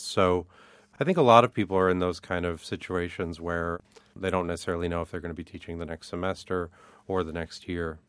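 A man with a very low, deep voice, speaking as a studio interview guest. He explains earnestly and thoughtfully, with a few ums and uhs. The sound is close and dry. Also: a bit bright, smooth, dry recording. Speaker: guest, adjunct art professor. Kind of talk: radio interview. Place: radio studio.

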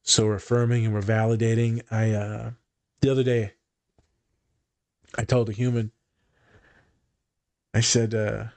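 A man with a fairly low-pitched voice speaks a little slowly and pauses often in his role as a podcast therapist. He is casual and swears freely, repeating words and quoting other people in animated voices.

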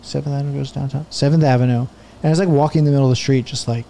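A man's voice: mid-range voice, steady tone, very fast, gravelly, mellow, slight background noise. A man in his thirties, a podcast guest, telling a rambling, profane story in casual chat.

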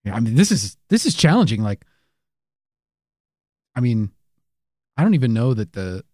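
Deadpan man, dry absurd jokes. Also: medium pitch, normal speed, no room sound. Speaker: podcast co-host. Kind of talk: improvised comedy banter.

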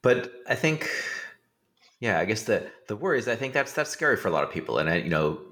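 An older man, a college professor, interviewing a guest, musing aloud with many pauses and fillers. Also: on the low side, sing-song, fairly bright tone. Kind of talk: conversational interview.

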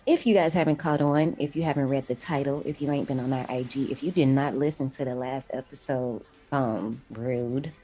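A woman from the Midwest US hosting a podcast in casual chat, playful and slangy, quick to laugh. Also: extremely low pitch, fairly even intonation, mellow, slightly rough, soft background music. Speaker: podcast host.

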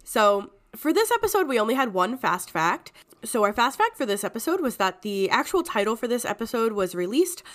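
A woman's voice: a little high, fairly quick, few pauses. Giggly congested woman co-hosting a podcast. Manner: giggly, chatty, lively. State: congested from a cold. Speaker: podcast co-host. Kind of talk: casual chat.

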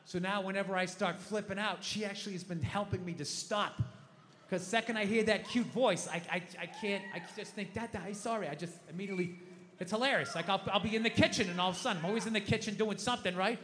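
A man doing profane, animated stand-up storytelling, mock-ranting about home life on a live stage. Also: sits high, quick pace. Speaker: stand-up comedian. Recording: long hall reverb, faint noise.

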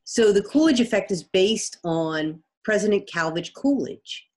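A woman's voice: medium pitch, animated, unhurried, darkish tone. A woman guest, a biology professor, explaining things in casual conversation with everyday examples. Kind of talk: conversational interview.

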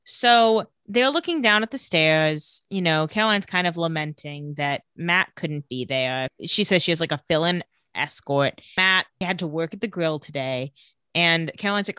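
Podcast co-host, young woman, lower pitch, animated retelling, dry studio sound. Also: moderate pace, clean tone, no echo. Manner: animated, giggly, acts out quotes lightly. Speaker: podcast co-host recapping a TV episode. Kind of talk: casual chat, retelling scenes.

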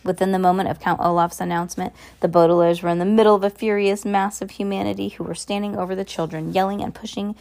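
A woman's voice: medium pitch, steady tone, fast, gravelly, hardly any pauses, darkish tone. A woman reading a novel aloud, now and then stumbling and correcting herself.

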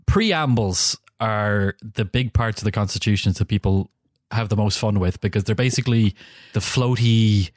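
A man's voice: fairly low pitch, moderate pace, few pauses, dry recording, studio quality. A man co-hosting a podcast, explaining things in a playful, casual way. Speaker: podcast co-host. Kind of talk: casual chat.

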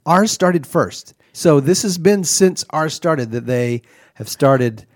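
A man's voice: on the high side, animated, takes it slowly, dry recording, studio quality. A man hosting an improvised comedy podcast, ranting indignantly and sputtering through restarts. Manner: indignant, sputtering, rambling rants. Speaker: podcast host.

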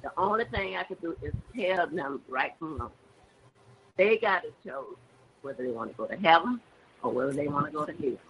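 A woman's voice: deep voice, expressive, fairly quick. An older woman giving a personal religious testimony in an emphatic, repetitive, preachy way. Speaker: church member giving testimony. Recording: dull lo-fi sound with faint background noise.

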